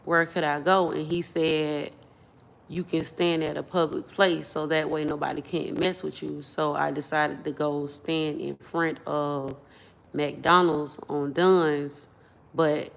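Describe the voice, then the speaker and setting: A young woman tells a personal story to her phone camera in a rambling, casual way. Her voice sits fairly low and she speaks slowly. She loops back and repeats key points as she goes. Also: vocal fry. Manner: rambling, repeats herself, builds up agitated; casual, loose grammar. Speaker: vlogger.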